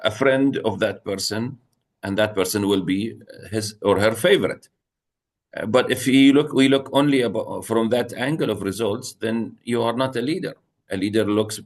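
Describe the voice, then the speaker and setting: Low-voiced man, hesitant and searching. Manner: hesitant, searching for words, many fillers. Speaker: co-host. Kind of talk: casual podcast discussion.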